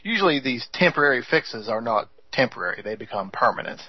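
A man's voice: mid-range voice, very animated, fast talker, husky, no echo, dull audio. A man co-hosting a political radio talk show, wry and agreeable.

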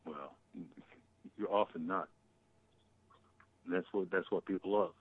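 A man's voice: sits low, a little slow, breathy edge, no room sound. A man calling in as a guest to a casual political talk show, emphatic, swearing and repeating himself. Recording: tinny phone line.

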